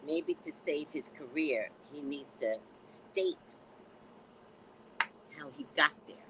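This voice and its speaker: A woman's voice: low voice, a little hiss or hum, poor audio. A woman chatting to her channel in a blunt, sassy way, leaning on "you know" between thoughts. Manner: animated, drawn-out, repeats "you know". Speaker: vlogger. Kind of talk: casual chat to camera.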